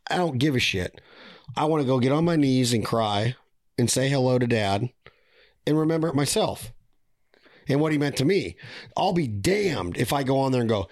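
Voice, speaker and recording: A man's voice: fairly high pitch, lively intonation, fairly quick, dry recording, studio quality. Blunt, impassioned man hosting a podcast. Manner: blunt and impassioned, with mild swearing. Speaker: podcast host. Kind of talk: casual podcast conversation.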